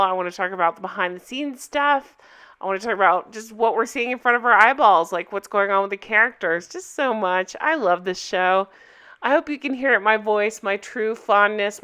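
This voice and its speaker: A young woman recapping a TV episode in a casual, chatty vlog, enthusiastic and quoting lines in lively voices. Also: mid-range voice, clear, resonant tone.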